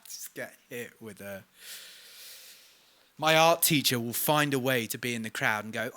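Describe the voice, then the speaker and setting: Chatting on a live stream during a recording session, the young singer-songwriter speaks at normal speed in a mid-range voice with no echo, muttering quiet jokes at his own expense.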